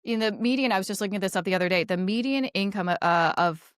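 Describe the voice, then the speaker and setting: A woman's voice: mid-range voice, fast, no echo, studio quality. A woman financial advisor, a guest in a casual conversation, talking in long, chatty, affirming stretches. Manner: chatty and affirming, telling stories in long runs.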